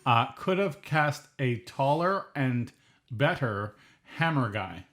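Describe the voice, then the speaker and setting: A man's voice: mid-range voice, expressive, slow pace, a bit bright. A man co-hosting a podcast, chatting casually and earnestly arguing for what he likes. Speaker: podcast co-host. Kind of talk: casual chat.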